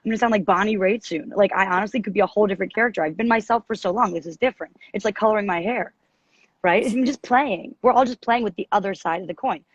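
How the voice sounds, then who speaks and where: A woman with a deep, raspy voice hosts a casual astrology chat. She rambles and restarts her sentences. Her husky voice comes through a dry, slightly dull video-call recording. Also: fast, dry recording. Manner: rambling, animated, self-interrupting. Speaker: podcast co-host and astrologer.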